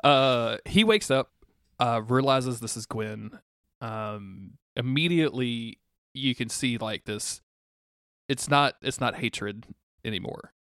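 A man's voice: medium pitch, slow pace, a bit bright, no room sound, clean studio sound. A man co-hosting a podcast, recapping a TV episode in rambling casual chat with lots of fillers. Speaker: podcast co-host.

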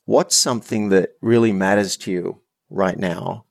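An Australian man in his fifties, a coach telling stories as a podcast guest in an earnest, animated way with frequent restarts. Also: deep voice, measured pace, creaky, dry recording, clean studio sound. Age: 50s. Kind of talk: storytelling in a podcast interview.

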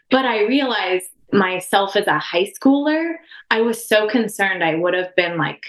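A woman in her thirties opens up as a podcast guest, her speech rambling and emotional, full of restarts and fillers. Her voice sits at a middle pitch. The recording carries a noticeable room echo. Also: expressive, unhurried. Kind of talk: candid personal conversation.

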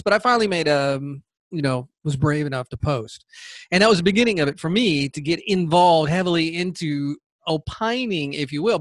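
A male podcast host with a slightly high voice, talking in a loose, rambling monologue. He stumbles over and repeats words and often wanders off topic. The recording is dry and close. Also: no echo.

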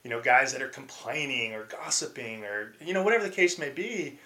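A middle-aged man, a former pro baseball player, telling stories as a podcast guest, animated and acting out quotes with frequent restarts. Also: medium pitch, brisk. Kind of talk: casual storytelling interview.

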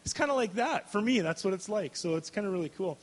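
High-voiced man preaching in a hall. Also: fast. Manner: animated, laughs often, restarts sentences. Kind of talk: storytelling sermon. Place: large hall before a live audience. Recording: long hall reverb.

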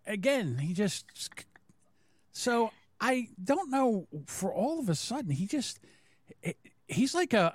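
A man's voice: high voice, no echo, studio quality. A man co-hosting a podcast, telling a profane, rambling story in casual chat. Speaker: podcast co-host.

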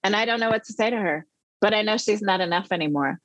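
A middle-aged woman, an interview guest, telling a personal story with animated emphasis. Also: mid-range voice, fast talker, dry recording. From the Netherlands.

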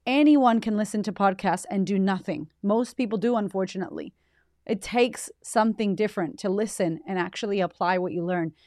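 Hosting her own podcast, a woman gushes her thanks in a heartfelt, casual monologue, teary and close to crying while swearing freely. Her medium-pitched voice is brisk and a little mellow, with no echo.

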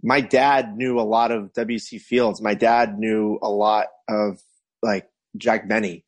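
A man, a comedian guest on a podcast, chatting in a relaxed, loose way with lots of "like.". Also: fairly low pitch, takes it slowly. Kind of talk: casual chat.

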